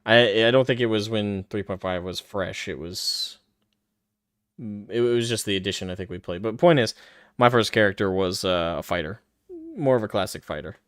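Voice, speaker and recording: A man's voice: lowish voice, moderate pace, fairly bright tone, no echo, studio quality. A man hosting a casual podcast chat in a laid-back, agreeable way. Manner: laid-back, agreeable, reads super chats. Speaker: host.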